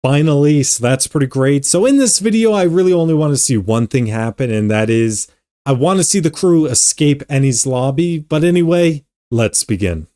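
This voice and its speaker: A young man hosting an anime reaction video, talking casually with animated exclamations and stammered repeats. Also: on the high side, moderate pace.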